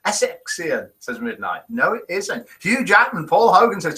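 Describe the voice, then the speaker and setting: A middle-aged man from the United Kingdom hosts a casual live morning broadcast, reading viewer comments aloud with playful, chuckling banter. His voice sits fairly high and swings widely in pitch. The tone is bright and forward. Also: normal speed, poor audio. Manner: lively, chuckling, playful quiz-master banter. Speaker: host of a daily live show.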